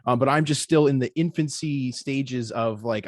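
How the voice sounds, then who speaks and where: A man's voice: mid-range voice, moderate pace, hardly any pauses, no echo, clean studio sound. A young adult man, a podcast guest, talking in a laid-back way with lots of fillers in casual conversation.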